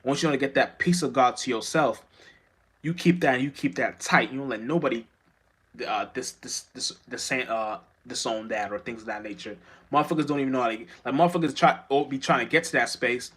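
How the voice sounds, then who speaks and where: A man's voice: medium pitch, fairly quick, fairly bright tone, slightly rough. A man giving an unscripted spiritual monologue as a vlogger, rambling and profane, with many restarts and stammers.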